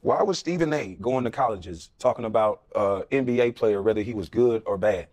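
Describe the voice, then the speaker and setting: A man's voice: lowish voice, brisk, a little mellow. A middle-aged man, a former pro athlete, speaking bluntly and combatively as an interview guest, firing off rhetorical questions. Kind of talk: impassioned podcast interview.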